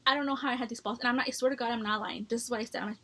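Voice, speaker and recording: A young woman vlogging a candid personal story, blunt and quick to swear, restarting her sentences as she goes. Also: fairly high pitch, fairly even intonation, breathy edge. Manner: heated when retelling the story. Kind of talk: casual storytelling to camera.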